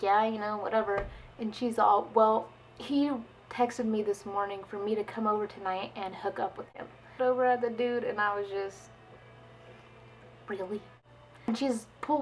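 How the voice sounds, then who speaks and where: A young woman vlogger telling a story in casual chat, chatty and animated, with many "like"s and quoted dialogue. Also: on the high side, moderate pace, slight background noise, rough recording.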